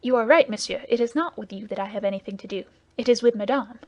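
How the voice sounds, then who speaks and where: A woman's voice: a little high, fast, dry recording, muffled recording, natural voice. A woman reading a jealous young guardsman. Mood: defiant.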